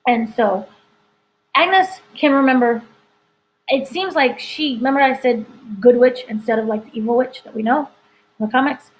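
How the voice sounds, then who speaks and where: Her voice is high and her pace moderate as this entertainment editor casually rambles through a spoiler review of a TV episode. Expect lots of "like" and "you know," and the recording quality is low.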